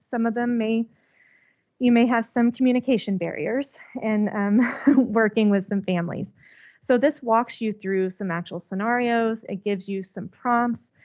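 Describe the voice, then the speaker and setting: A woman's voice: medium pitch, a little mellow, lo-fi sound. Breathless woman presenting. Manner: friendly, chatty, laughs often. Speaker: conference presenter. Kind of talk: conference presentation. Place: conference room. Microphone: handheld mic.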